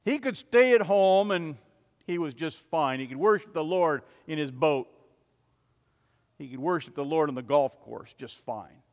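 A male preacher telling a sermon illustration, swelling loud and then dropping soft as he tells it. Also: on the high side, expressive, unhurried. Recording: long reverb of a large hall.

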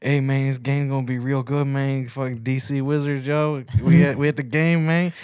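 A man's voice: mid-range voice, level tone, moderate pace, a little mellow, clean tone, no room sound, studio quality, voice pushed up, close to an everyday voice. A man doing a brash heckling sports fan. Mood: boastful. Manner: swaggering, street slang.

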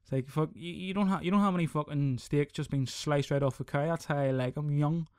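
Sweary podcast host. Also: male voice, on the high side, brisk, clean tone, dry recording, studio quality. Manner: sweary, rambling, animated. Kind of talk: casual solo podcast rant.

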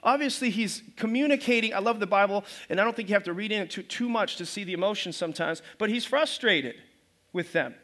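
Male pastor, sermon, high voice, bright tone, chatty delivery with restarts. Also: a little fast. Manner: animated, conversational preaching with many restarts. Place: church service.

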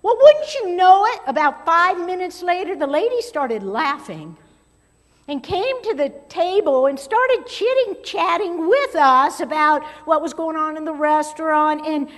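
A woman pastor preaching a sermon, moving between strong emphasis and hushed, near-whispered asides. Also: high voice, animated, a little slow. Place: church sanctuary. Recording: long hall reverb.

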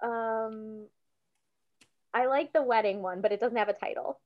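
A woman's voice: fairly high pitch, a little slow, lo-fi sound. A woman guesting on a comedy podcast, laid-back and hedging her words with fillers. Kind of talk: casual comedy podcast chat.

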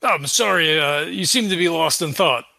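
Brief: a player voicing a courteous adventurer, bright, higher voice, halting politeness. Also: male voice, gravelly, no echo, heavily acted. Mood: polite. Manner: courteous, hesitant, full of "uh"s.

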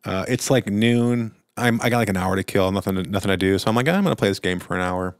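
A man's voice: fairly low pitch, quick pace, dry recording, clean studio sound. A young adult man co-hosting a podcast, telling a long story in casual chat with many restarts. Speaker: podcast co-host.

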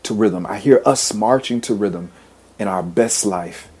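A man's voice: fairly low pitch, unhurried, a little mellow, breathy edge. A man preaching a motivational sermon, repeating phrases in a rhythmic, emphatic way and leading affirmations. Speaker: podcast host and preacher.

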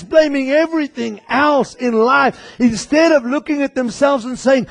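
Man, pastor, sermon, very high pitch, impassioned, shouting at times, addressing the congregation. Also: measured pace, hardly any pauses. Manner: talks directly to the congregation. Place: church.

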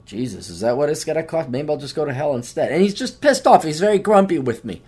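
A man's voice: fairly high pitch, big pitch swings, fast talker, darkish tone, slightly rough. A man hosts a podcast solo, rambling in a profane, self-mocking way. His voice moves up and down a lot as he talks. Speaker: podcast host. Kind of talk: casual solo monologue.

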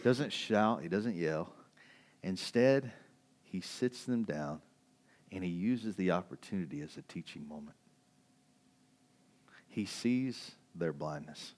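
Speaking slowly and leaving long pauses, a male pastor gives a casual, chatty sermon. He laughs a lot and alternates between excited, loud outbursts and hushed, low stretches.

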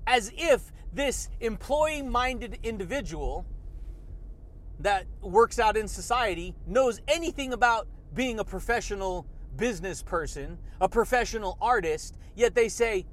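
A man's voice: sits high, animated, moderate pace, a bit bright, a little hiss or hum. A man hosting a motivational podcast, hyped and repetitive, calling his listeners buddy and baby. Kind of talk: fired-up motivational monologue.

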